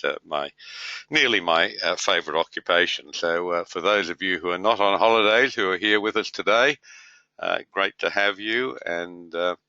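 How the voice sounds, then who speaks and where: Deep-voiced man greeting webinar viewers. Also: bright, forceful tone, no echo. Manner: rambling, many fillers, matey. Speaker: webinar host and trading tutor. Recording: dull lo-fi webinar audio.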